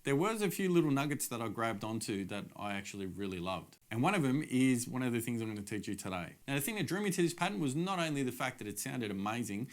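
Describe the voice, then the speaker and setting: A man's voice: mid-range voice, big pitch swings, fast talker, hardly any pauses. A middle-aged man giving a casual, upbeat drum lesson straight to camera, explaining the steps plainly. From Australia. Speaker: drum teacher.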